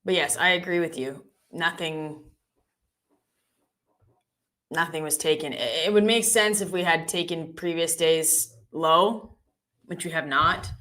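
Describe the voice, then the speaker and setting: A woman hosting a live trading stream, chatty and joking with quick asides. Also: sits low, pushed and bright. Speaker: live-stream host trader. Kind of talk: casual live-stream chat.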